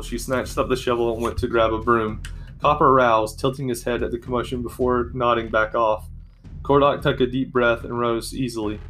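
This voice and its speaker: A man narrating a fantasy story at a steady, measured storytelling pace. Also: medium pitch.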